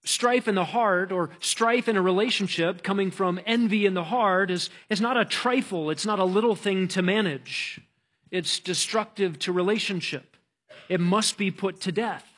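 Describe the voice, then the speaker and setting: A man delivers a sermon in a high, light voice. He preaches earnestly and with emphasis, stumbling and restarting his phrases as he presses his point. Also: fairly bright tone. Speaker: pastor.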